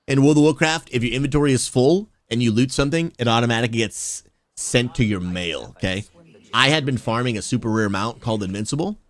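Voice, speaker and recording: A man talking casually to his live stream chat as a game streamer, animated and chummy. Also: medium pitch, quick pace. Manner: animated, talks straight to chat, says "dude" and "bro".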